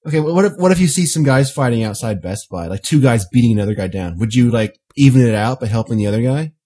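A man's voice: medium pitch, expressive, quick pace, dark tone, slightly rough. A man co-hosting a casual podcast chat, laying out long what-if scenarios and laughing often. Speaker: podcast co-host.

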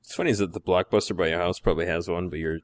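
A man's voice: low-pitched, fairly even intonation, racing, dry recording. A man co-hosting a podcast in casual chat, explaining things in a matter-of-fact way. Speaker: podcast co-host.

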